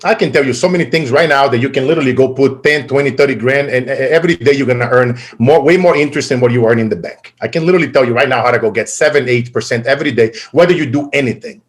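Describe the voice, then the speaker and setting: A man giving a motivational keynote talk, energetic and swinging from loud to quiet and emotional. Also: medium pitch, fast talker, hardly any pauses. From Brazil. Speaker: keynote speaker.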